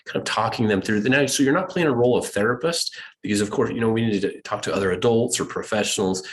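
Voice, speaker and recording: A middle-aged American man giving a casual, animated talk to students as a guest speaker. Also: lowish voice, fast talker. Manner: playful, animated storyteller.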